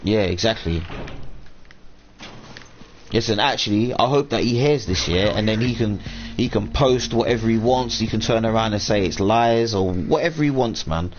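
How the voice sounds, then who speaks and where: On a live stream, a man with a lowish voice vents at normal speed in a long, rambling rant full of swearing, raising his voice whenever he quotes people. The sound is dull, lo-fi stream quality with a slight room hum.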